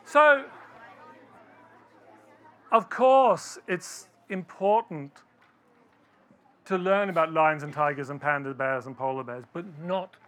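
A man's voice: high-pitched, sharp tone. A man giving a storytelling talk to a live audience, quizzing listeners with questions as he tells the story.

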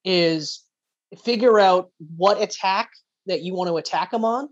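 A woman's voice: medium pitch, unhurried, highs cut off. A woman in casual chat, playful and teasing, acting out little scenes as she talks. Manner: playful, teasing, acts out voices in anecdotes.

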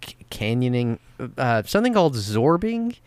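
A speaker with a smooth, clear voice that moves freely up and down, chatting casually and tossing in dry, wry remarks. The sound is close and dry, with no room echo. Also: medium pitch, sing-song, moderate pace, a little mellow. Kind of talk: casual chat.

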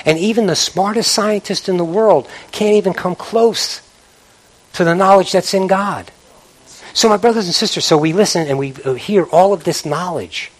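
A man preaching a sermon as pastor, animated, repeating words for emphasis and mimicking idle chatter. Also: mid-range voice.

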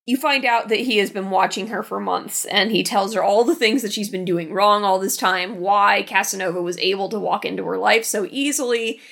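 A woman's voice: medium pitch, normal speed, vocal fry, few pauses, fairly bright tone. A woman co-hosting a casual podcast who retells a movie plot playfully and acts out the characters' lines. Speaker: podcast co-host. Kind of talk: casual movie recap chat.

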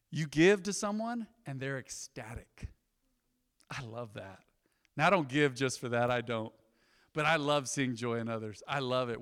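Folksy pastor preaching in a reverberant hall. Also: male voice, a little high. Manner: folksy storytelling with sudden loud bursts and soft asides. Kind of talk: sermon. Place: church sanctuary.

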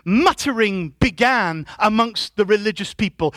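Man, pastor, sermon, very high voice, dry close sound, call-and-response, emphatic shouting. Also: lively intonation, unhurried, dry recording. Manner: preaching with call-and-response to the congregation; builds to loud emphatic shouts. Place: church.

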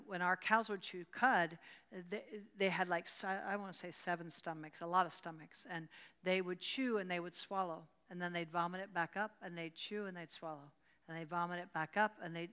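A woman's voice: lowish voice, steady tone, fairly quick, a bit bright, clean tone, in a large hall. An older woman from rural Pennsylvania teaching a church Bible study, fervent and repeating her words as she answers questions from the group.

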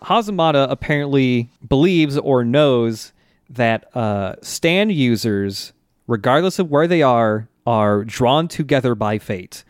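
A man co-hosting a casual chat, relaxed and laughing easily as he recaps the story. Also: medium pitch, slow, smooth, no room sound, clean studio sound. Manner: relaxed, many fillers, laughs often. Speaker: podcast co-host.

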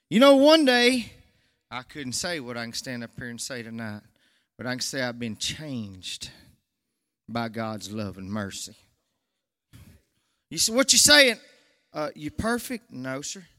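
A nervous man, giving a church testimony that swells into fervent preaching. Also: mid-range voice. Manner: Southern country speech, swells to fervent shouts. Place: church sanctuary. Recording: long church hall reverb.

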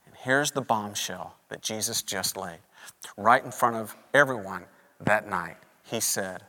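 A man's voice: on the low side, unhurried, big-room sound. A man preaching a sermon, telling a story with energy and acting out the voices in it. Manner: animated storytelling, acting out quoted lines. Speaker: pastor.

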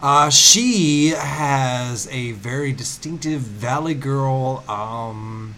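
A man's voice: medium pitch, drawn-out words, sharp tone. Man in his 30s, casual podcast co-host, rambling, fillers, faint room noise. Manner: rambling with many fillers and restarts. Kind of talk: casual chat.

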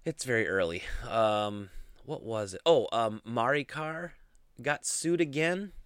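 A man's voice: medium pitch, animated, unhurried, fairly bright tone, clear, resonant tone, no echo, studio quality. A man hosting a casual solo gaming podcast, rambling with lots of fillers and restarts. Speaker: podcast host.

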